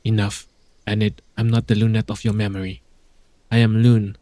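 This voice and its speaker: A man voicing a gentle, solemn female star goddess, reading her game lines in a soft, formal and grave way. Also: on the low side, little pitch movement, normal speed, no echo, close to an everyday voice. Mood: firm. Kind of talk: reading game dialogue aloud.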